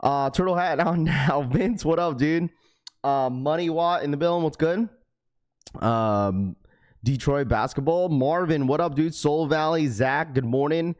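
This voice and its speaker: A man's voice: a little high, a little slow, a little mellow. A young man hosting a live stream, chatting casually and greeting viewers by name in an upbeat way.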